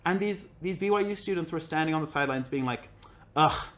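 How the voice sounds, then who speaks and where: A young man casually telling a personal story as a podcast guest, animated and acting out the people he quotes. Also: fairly high pitch, brisk. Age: young adult. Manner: animated, acts out quoted voices, many "like" fillers.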